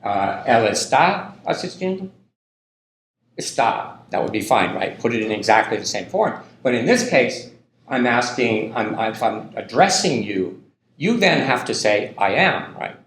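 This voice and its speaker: A man's voice: fairly low pitch, big pitch swings, moderate pace, fairly bright tone, slight background noise. A man giving a university linguistics lecture in a loose, conversational way, full of ums and tag questions. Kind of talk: classroom lecture. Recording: echoey lecture hall.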